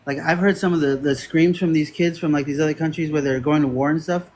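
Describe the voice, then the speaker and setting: A man, a guest in a casual spiritual conversation, who tells animated stories full of "like" and slang. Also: on the high side, quick pace, a little hiss or hum. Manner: animated storytelling with lots of "like" and laughs.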